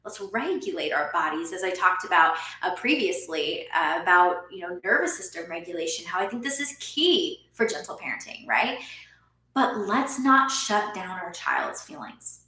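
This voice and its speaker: A woman in her thirties talks straight to camera as a parent coach, earnest and explanatory, with a bright, clear tone. Her voice carries a noticeable room echo, and she laughs lightly between points. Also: lowish voice, sing-song, moderate pace. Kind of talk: talking-head vlog.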